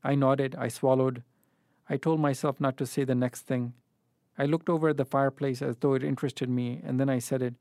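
A man reads literary fiction aloud. His narration is measured and even, at a middle pitch. The recording is dry and close. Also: no echo. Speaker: reader.

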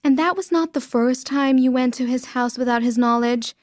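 A woman's voice: sits high, normal speed, darkish tone, no room sound, clean studio sound, lightly acted. A woman voicing a stern, disappointed middle-aged mother who scolds her daughter. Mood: serious.

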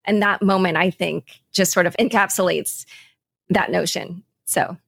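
A woman's voice: fairly low pitch, fairly even intonation, creaky, fairly bright tone, no room sound. A woman hosting a podcast interview, talking conversationally about a court case she attended. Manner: conversational, reacts with quick agreement. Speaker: podcast host.

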